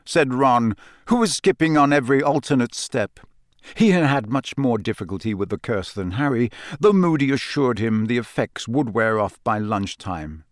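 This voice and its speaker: Steady male audiobook narrator, dry sound. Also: mid-range voice, moderate pace, no echo. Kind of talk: scripted narration.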